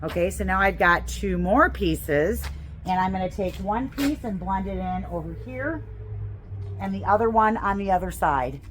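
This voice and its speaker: A woman's voice: mid-range voice, expressive, moderate pace, faint music behind, low-quality recording. A woman gardening instructor giving a chatty, enthusiastic how-to demonstration, gushing over her greens as she works. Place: outdoors on a porch.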